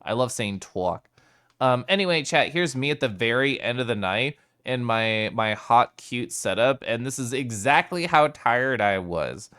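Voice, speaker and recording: A male streamer talks playfully with his live chat, giggling and greeting viewers by name. His smooth, resonant voice is expressive and fairly bright, swooping widely up and down in pitch while keeping a measured pace.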